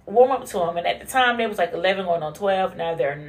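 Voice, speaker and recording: A woman hosting a casual monologue podcast, blunt and profane, who laughs often and swings from low mutters to high bursts. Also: animated, fast talker, slight background noise. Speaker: podcast host.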